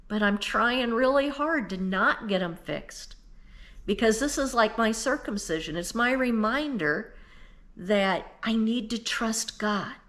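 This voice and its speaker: A woman in her fifties giving an earnest, emotional devotional talk, speaking straight to the listener and tearful at times. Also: mid-range voice. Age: 50s. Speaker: Christian speaker.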